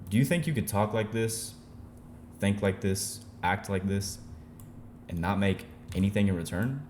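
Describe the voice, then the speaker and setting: A man's voice: lowish voice, lively intonation, normal speed, a little mellow, slight background noise. Intense, profane man ranting to camera. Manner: intense, profane, emphatic, preachy; rhetorical questions to the viewer. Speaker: day trader vlogger. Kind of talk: motivational rant to camera.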